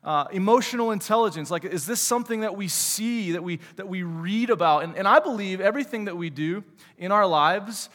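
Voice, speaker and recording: Joking male church teacher, high voice. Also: a little fast, a bit bright. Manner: chatty, joking, many fillers and rhetorical questions. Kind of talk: casual sermon with audience questions. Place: church sanctuary. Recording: long hall reverb.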